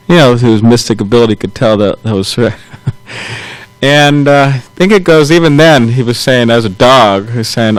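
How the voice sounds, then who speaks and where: Casting note: a man leading a scripture class at mid pitch, easygoing and halting, chuckling as he retells a story. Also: low-quality recording. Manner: loose, halting retelling with chuckles and self-corrections. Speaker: temple class speaker.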